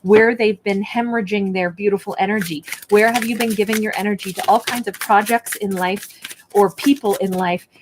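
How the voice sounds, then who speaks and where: A woman's voice: mid-range voice, fairly even intonation, normal speed, slight background noise. A woman giving a spoken tarot and oracle card reading at home, talking in a reflective, encouraging way with lots of fillers. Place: indoors at a table with her card decks.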